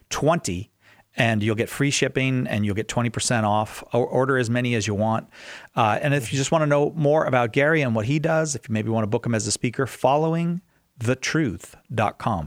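A man's voice: medium pitch, dry recording, studio quality. A man hosting a radio talk show, speaking conversationally and often restarting his phrases. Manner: conversational, repeats words when starting. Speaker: radio host.

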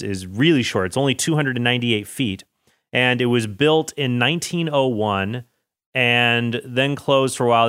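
A man's voice: mid-range voice, a bit bright, no room sound, clean studio sound. A man hosting a casual solo podcast, rambling through facts with jokey, self-deprecating asides. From United States. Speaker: podcast host.

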